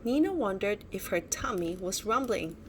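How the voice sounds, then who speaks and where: A woman's voice: mid-range voice, animated, normal speed, slight background noise. A woman reading a children's bedtime story aloud with expression and pointing out the pictures as she goes.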